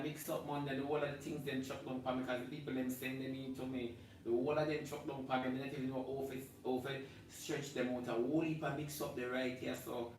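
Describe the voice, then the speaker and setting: A man with a Jamaican accent ranting loudly through a live stream, swinging between shouting and low muttering. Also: far from the mic. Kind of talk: animated live-stream rant. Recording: very echoey room, voice off-mic, faint background hum.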